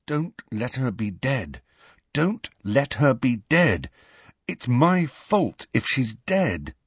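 A man's voice: medium pitch, big pitch swings, slow, husky, no echo, highs cut off, exaggerated voice. A man voicing a brave, desperate teenage boy wizard, tense and pleading.

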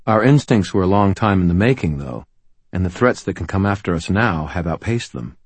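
A man narrating a first-person audiobook in a dry, wry storytelling manner with steady pacing. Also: low voice, brisk, slightly rough, no echo.

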